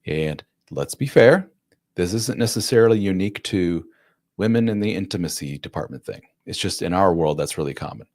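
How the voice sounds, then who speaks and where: Blunt, animated low-voiced man host. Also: normal speed, no echo, clean studio sound. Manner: blunt, casual, calls listeners man and dude; animated, acts out quoted voices. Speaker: host giving relationship advice to divorced dads. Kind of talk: live-stream chat answering viewer questions.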